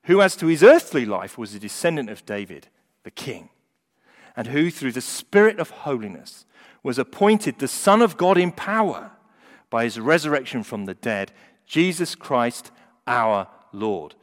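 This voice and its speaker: A man's voice: medium pitch, sing-song, a little slow. A man preaching a sermon, rising and falling in volume for emphasis. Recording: long hall reverb.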